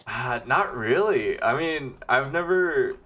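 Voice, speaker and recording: Young man, deep voice, relaxed rambling podcast chat, laughs a lot. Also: takes it slowly. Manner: laid-back, rambling, laughs often, tries voices. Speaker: podcast co-host. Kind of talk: casual chat.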